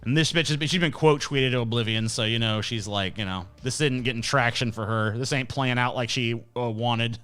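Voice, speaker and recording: A man's voice: mid-range voice, a little fast, hardly any pauses, fairly bright tone, smooth, soft background music. A male host giving blunt, profane, scornful ranting commentary while reacting to clips and viewer questions.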